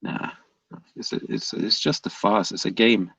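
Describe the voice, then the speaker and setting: A man on a live stream reads viewer comments aloud and argues back at them, pressing his questions again and again. His voice is gravelly with some fry, and the sound is dry and a little dull, as if from a lo-fi mic. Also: lowish voice, fairly even intonation, unhurried, a bit bright, dry recording. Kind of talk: live comment-reading debate.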